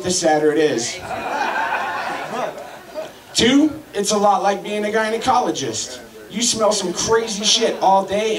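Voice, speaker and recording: A man in his thirties hosting and doing crude, deadpan stand-up comedy to a crowd. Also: high-pitched, recorded from a distance. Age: 30s. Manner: crude, deadpan joke delivery. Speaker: comedy host. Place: crowded club, roomy. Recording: echoey room, mic from afar, loud crowd.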